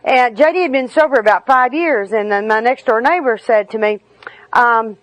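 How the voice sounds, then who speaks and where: A woman's voice: a little high, moderate pace, no echo, low-quality recording. A middle-aged woman giving a candid, humorous personal talk at a recovery meeting.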